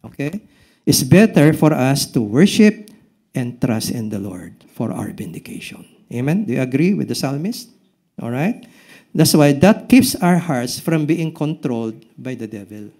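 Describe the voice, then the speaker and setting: A male pastor with a Filipino accent preaching a sermon, often quizzing the congregation with short questions and dropping from loud emphasis to hushed lines. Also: medium pitch, sing-song, moderate pace. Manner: swings between loud emphasis and hushed drops.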